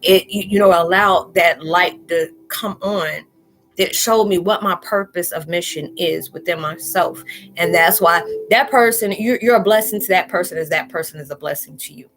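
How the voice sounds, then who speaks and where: A woman's voice: fairly low pitch, moderate pace, a bit bright. A spiritual vlogger talking casually and loosely to her viewers, repeating "you know" as she goes. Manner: chatty, loose, talks straight out with lots of "you know".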